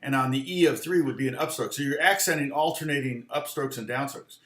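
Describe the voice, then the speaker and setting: A man's voice: medium pitch, a little fast, roomy sound. A man teaching guitar in a loose, rambling live lesson, humming rhythms aloud between explanations.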